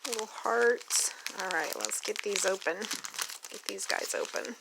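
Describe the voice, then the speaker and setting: A woman's voice: mid-range voice, measured pace, vocal fry, background noise. A woman from Oklahoma with an Oklahoma accent, chatting and gushing through a casual unboxing vlog at a table at home. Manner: chatty, gushing, talks to her dog. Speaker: doll collector vlogger.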